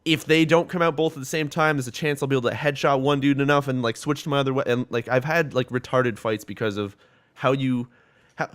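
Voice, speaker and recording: A man's voice: medium pitch, fairly even intonation, a little fast, fairly bright tone, smooth. A man co-hosting a gaming podcast, chatting casually and rambling with lots of "like" and quoted asides. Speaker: podcast co-host.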